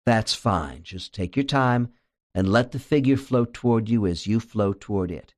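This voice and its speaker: Man doing a calm reassuring therapist, steady even voice, audiobook. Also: on the low side, measured pace. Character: calm male hypnotherapist, reassuring.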